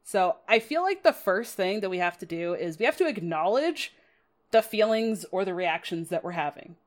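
A woman's voice: mid-range voice, expressive, moderate pace. Chatty self-mocking woman. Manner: chatty, self-deprecating, laughs often, dramatic quoted asides. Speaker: podcast host. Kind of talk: casual podcast talk about card game strategy.

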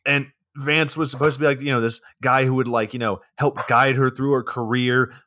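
A man's voice: mid-range voice, steady tone, fairly quick, bright, forceful tone. A man co-hosting a podcast, ranting about a movie in casual, profane chat. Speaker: podcast co-host.

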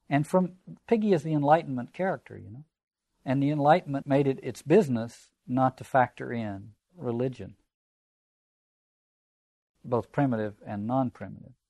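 A man's voice: mid-range voice, vocal fry, mellow, no room sound. A man giving a reflective, digressive literature lecture and reading passages aloud. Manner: reflective, digressive, conversational asides.

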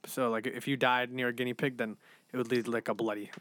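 A man's voice: mid-range voice, flat delivery, fast talker, fairly bright tone. A young man co-hosting a podcast, talking bluntly and crudely among friends. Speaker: podcast co-host. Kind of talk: crude casual chat.

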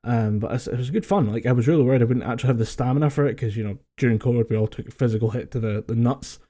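Here a Scottish man with a mellow mid-range voice races through his stories as a podcast co-host. He's at home on a voice call, keeping it casual, laughing a lot and cursing freely.

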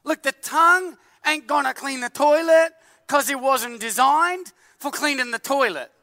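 A man in his thirties preaching a sermon in a church, animated and joking, full of filler words. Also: extremely high pitch, a little slow, no room sound, in a large hall. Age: 30s. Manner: animated, jokey, many filler likes. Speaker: pastor.

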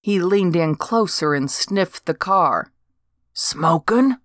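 A woman's voice: fairly low pitch, slow, no room sound. An older woman reading a first-person story aloud with dry, wry humor. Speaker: narrator.

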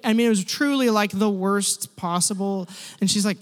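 Man preaching in an echoey hall. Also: high-pitched. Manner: animated, self-deprecating, with quick restarts and laughs. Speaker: pastor. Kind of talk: sermon storytelling.

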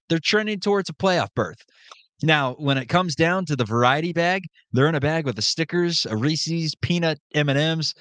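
A man co-hosting a casual sports podcast, talking in an animated, joking way with quick asides. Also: on the high side, dry recording. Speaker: podcast co-host.

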